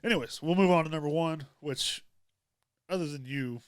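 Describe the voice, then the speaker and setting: A man's voice: a little high, normal speed, crowd noise. A man co-hosting a podcast, easygoing and chatty, laughing along with the others. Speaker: podcast co-host. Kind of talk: casual chat.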